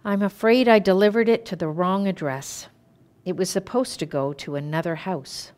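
A woman's voice: on the low side, moderate pace, darkish tone, close to an everyday voice. Woman reading as a hesitant, worried postman. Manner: hesitant, apologetic. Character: worried, apologetic male postman.

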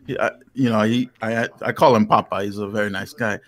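A man from the United States chatting casually, rambling and halting with restarts. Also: mid-range voice. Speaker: Greek-American guest. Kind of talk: casual chat.

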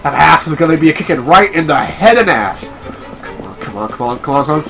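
Young dude joking thru a game, bouncy pitch, yelps high, game music playing. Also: male voice, big pitch swings, a little fast, gravelly, a bit bright. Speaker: gameplay commentator. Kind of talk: casual let's-play commentary.

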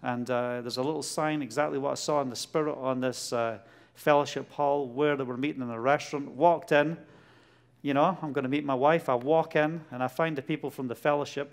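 A middle-aged man with a Glasgow Scottish accent gives a testimony sermon, telling a story with lively bursts and acting out dialogue. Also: mid-range voice, a little fast. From Scotland. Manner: animated storytelling, laughs often, acts out dialogue. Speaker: preacher.

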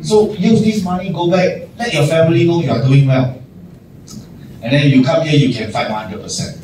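A man's voice: a little high, fairly even intonation, moderate pace, dark tone. A man, a general manager giving a casual motivational talk to staff, acting out little scenes and laughing often. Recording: echoey room, distant mic, noisy.

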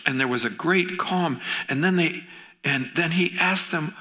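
A middle-aged male pastor preaches a sermon in church, telling stories with animated flair and acting out the quoted voices. His voice is a little high, and he takes it slowly.

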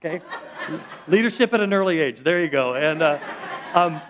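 A man's voice: fairly high pitch, lively intonation, moderate pace, a little hiss or hum. A middle-aged male pastor preaching a sermon in church, conversational and storytelling, with frequent restarts.

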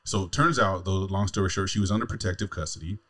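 Fast-talking deep-voiced man telling a story. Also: a bit bright. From California. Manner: swears freely, laughs through his story. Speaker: podcast host. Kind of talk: casual chat, storytelling.

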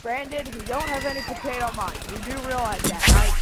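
A woman's voice: a little high, brisk, hardly any pauses, heavy background noise. A woman giving live, chatty gameplay commentary, exclaiming and reacting as she plays. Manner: excitable, chatty, exclaiming at the game. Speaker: gaming video host. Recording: loud game music behind the voice.

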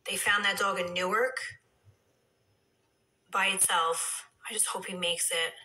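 New woman in her thirties, phone live stream, bright tone, echoey room. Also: medium pitch, steady tone, measured pace. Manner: chatty, swings into soft whispers and heated rants. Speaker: reality TV personality on a live stream. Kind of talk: casual live-stream chat reading comments.

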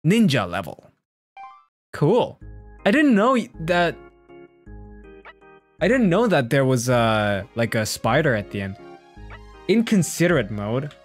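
A man's voice: medium pitch, big pitch swings, slow pace, long pauses, soft background music. A man streaming a video game, chatting casually with playful reactions and frequent laughter.

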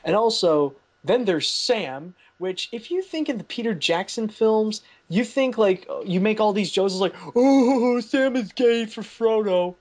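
A man's voice: high voice, lively intonation, unhurried, few pauses. A man hosting a podcast, chatting casually about a film and rambling with lots of "like" fillers and restarts. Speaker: podcast host. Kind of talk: casual movie review chat.

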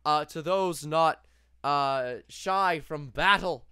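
A young man running a tabletop role-playing game as dungeon master, narrating playfully with laughs and halting restarts. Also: on the high side, bright, forceful tone, clean tone, no room sound, studio quality.

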